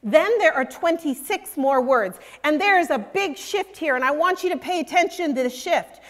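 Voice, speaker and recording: A woman preaching a sermon, earnest and emphatic, softening her voice when she reads scripture. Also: high voice, animated, moderate pace. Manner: earnest, emphatic, drops to soft intimate tones for scripture. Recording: long reverb of a large hall.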